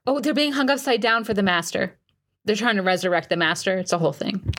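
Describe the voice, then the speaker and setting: A woman's voice: medium pitch, quick pace. Rambling woman game master. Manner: rambling, filler-heavy, animated put-on voices. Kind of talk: casual tabletop role-play narration.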